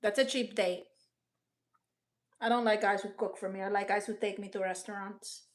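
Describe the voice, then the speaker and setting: A woman's voice: medium pitch, fairly even intonation, moderate pace. A woman hosting a casual livestream indoors, reading viewer comments aloud and answering bluntly and sassily, dropping Spanish exclamations as she goes. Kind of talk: casual live chat. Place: rented apartment indoors.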